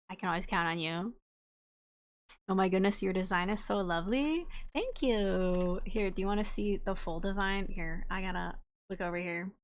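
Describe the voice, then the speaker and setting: A woman chatting casually on a livestream as she plays a game, bubbly and quick to giggle, warmly greeting her viewers. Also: lowish voice. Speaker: streamer playing a game.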